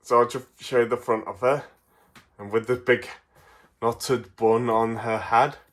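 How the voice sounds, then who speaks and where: A man's voice: mid-range voice, fairly even intonation, unhurried. A man from England chatting through a toy review in a rambling, casual way, with lots of fillers and chuckles. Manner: rambling, full of fillers and restarts, chuckles often.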